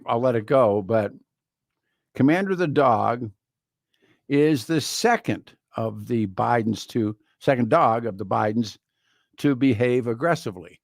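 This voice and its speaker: Vocal fry colors this male radio host's medium-pitched voice, recorded on a studio microphone with no room sound. He rambles wryly through his studio monologue, starting over again and again.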